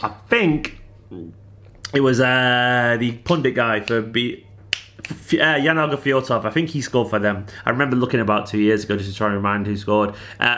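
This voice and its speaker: Man with a Manchester accent, rapid delivery, casual vlog Q&A, chatty and bantering, mid-pitched. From Manchester, England. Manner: chatty, animated, banters with viewers. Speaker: football fan vlogger.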